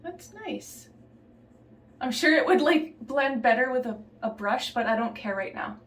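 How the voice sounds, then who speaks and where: A woman chatting casually through a makeup tutorial in a relaxed, offhand way, slipping into a put-on Southern belle accent. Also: fairly high pitch, moderate pace, roomy sound, recorded from a distance. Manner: relaxed, chatty, trailing off and restarting while applying makeup. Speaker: beauty vlogger.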